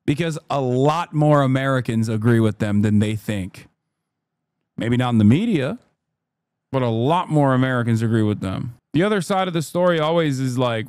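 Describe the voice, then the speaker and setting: A man's voice: on the high side, no echo, studio quality. A man streaming heated, profane political commentary, often slipping into mocking voices. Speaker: streamer reacting to news.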